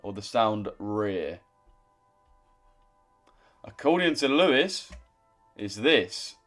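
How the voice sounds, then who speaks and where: A man's voice: mid-range voice, expressive, measured pace, fairly bright tone, faint music behind. A young man chatting casually on a trading live stream, swearing and teasing viewers. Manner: swearing, banters with chat. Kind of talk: casual live-stream chat reading comments.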